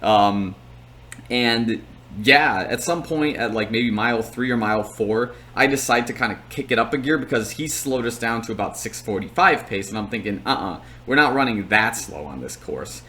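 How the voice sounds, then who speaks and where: A man's voice: mid-range voice, normal speed, bright, forceful tone. A young man talking casually and at length, with plenty of fillers, as he recaps his race on his channel. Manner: chatty, rambling, lots of fillers.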